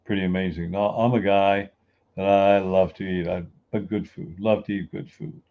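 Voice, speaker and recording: A man's voice: sits low, fairly even intonation, normal speed, vocal fry, dull audio. A man giving a folksy, emphatic motivational talk who grew up on the US East Coast. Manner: folksy, emphatic, acts out everyday people. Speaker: inspirational speaker.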